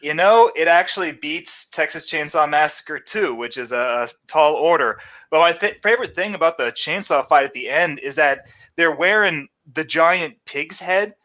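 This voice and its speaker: Sarcastic male podcast co-host, bright edge, slightly high voice. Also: animated, normal speed, poor audio. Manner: sarcastic, swears, laughs often. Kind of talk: casual movie podcast chat.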